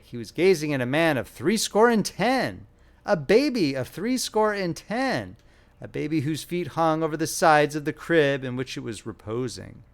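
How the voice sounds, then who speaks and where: A male audiobook narrator reading a classic short story with lively, animated intonation. His voice sits fairly high for a man, and his delivery is expressive storytelling.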